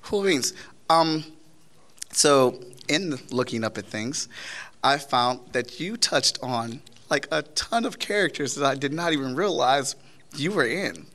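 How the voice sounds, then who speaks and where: A man's voice: medium pitch, lively intonation, unhurried, fairly bright tone. A man moderating a convention panel, asking casual questions with fillers and hesitations. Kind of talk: interview questions.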